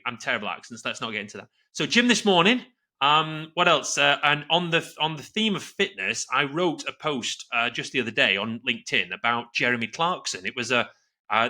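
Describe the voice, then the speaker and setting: A man's voice: medium pitch, bright, forceful tone. A man in his forties co-hosting a podcast, chatting casually and rambling with many restarts. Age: 40s. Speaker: podcast co-host. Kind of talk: casual chat.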